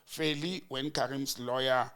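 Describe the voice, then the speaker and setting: A man's voice: mid-range voice, fairly even intonation, unhurried, a bit bright, smooth. A South African man in a political chat show, retelling a heated hearing and acting out each side's words with rising emphasis. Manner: storytelling, acting out quoted exchanges with rising emphasis. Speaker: political commentator.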